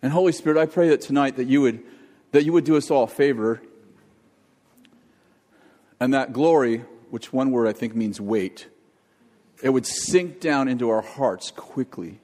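A man preaching a sermon and leading prayer, animated, often acting out quoted voices. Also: mid-range voice, normal speed. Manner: animated, acts out quoted voices, jokes about accents. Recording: long hall reverb.

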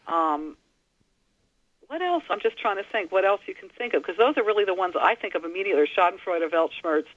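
High-voiced enthusiastic man, radio guest. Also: expressive, brisk, no echo. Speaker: studio guest. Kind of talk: casual radio chat. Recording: slightly dull, dry radio sound.

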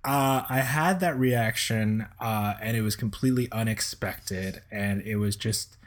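A man's voice: on the low side, measured pace. A man co-hosting a casual podcast chat as a watch reviewer, speaking hesitantly with many restarts.

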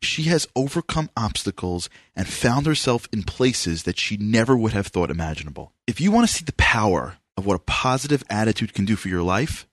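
With a New York accent, this radio show host runs an interview briskly and with hardly any pauses, his emphatic, animated delivery marked by very lively swings in pitch. The recording is dry and close, with no sense of a room.

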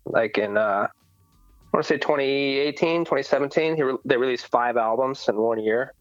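A man's voice: mid-range voice, normal speed, no room sound, faint music behind. A man hosting a podcast in casual chat, laid-back and rambling, full of fillers. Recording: dull lo-fi sound.

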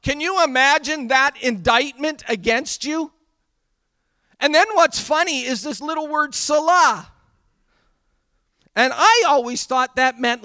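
A male pastor preaching a sermon, reading a psalm aloud with energy and then dropping to quiet, prayerful tones. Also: extremely high pitch, expressive, slow, long pauses, dry recording. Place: church.

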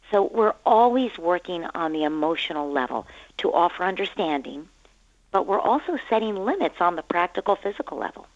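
A woman guest on a radio interview, explaining parenting in a calm, gentle way. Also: lowish voice, brisk, dull audio.

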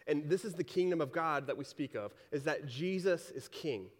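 A man with a fairly high speaking voice delivers a sermon in a loose, chatty manner, rephrasing old texts in plain modern talk. His voice rings out with a long reverb tail, as if filling a big hall. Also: moderate pace, hardly any pauses. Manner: casual, conversational preaching, paraphrasing scripture in everyday speech. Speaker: pastor.

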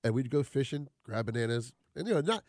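A man's voice: medium pitch, lively intonation, quick pace, a little mellow, no echo, clean studio sound. Teasing male co-host on talk radio. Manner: teasing, laughs easily. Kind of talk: casual talk radio banter.

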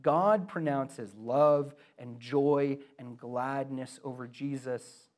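A man's voice: mid-range voice, takes it slowly, a little mellow. A young adult man preaching a sermon in an earnest, conversational way, with emphatic swells. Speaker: pastor.

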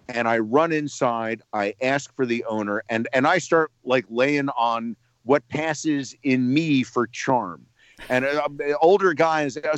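A man from New Jersey, a radio personality calling in to tell a lively anecdote, repeating words as he builds up the story. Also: mid-range voice, measured pace, no room sound, lo-fi sound.

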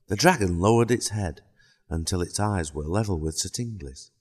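A man narrating a children's storybook in a calm, even way. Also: low voice, normal speed, breathy edge.

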